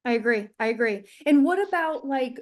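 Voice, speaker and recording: A woman's voice: high-pitched, lively intonation, a little fast. A young adult woman hosting an interview, friendly, laughing easily and asking follow-up questions. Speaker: podcast host. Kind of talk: casual interview talk.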